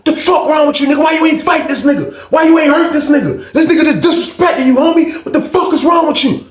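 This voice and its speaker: Brief: a man putting on an enraged young gangster, shouting high and strained in a roomy space. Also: quick pace. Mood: furious. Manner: shouting, profane, hard-hitting. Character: furious young male gang member yelling. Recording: roomy echo.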